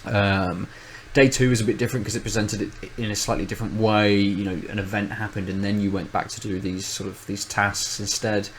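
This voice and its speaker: A man's voice: lowish voice, flat delivery, fairly quick, few pauses, a little hiss or hum, rough recording. A man, co-host of a podcast, in casual chat, rambling and thinking aloud with many restarts.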